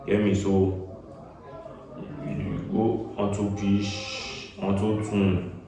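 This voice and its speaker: A man's voice: lowish voice, completely flat delivery, drawn-out words, dark tone. A Nigerian man giving a casual music-recording tutorial. He is chatty, repeats himself and slips in Pidgin asides like "get me?". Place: small echoey room. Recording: echoey room, voice far from the mic.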